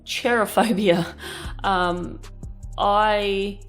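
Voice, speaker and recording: A woman's voice: mid-range voice, steady tone, very slow, faint music behind. A woman in her thirties chatting candidly while she paints, rambling and swearing casually. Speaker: art vlogger.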